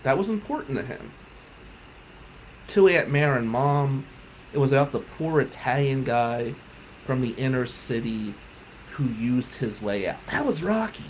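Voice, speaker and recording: A man telling a personal story on his podcast, heartfelt, moving between loud emphasis and quiet reflection. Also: medium pitch, big pitch swings, unhurried, slight background noise, rough recording. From South Jersey. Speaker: podcast host.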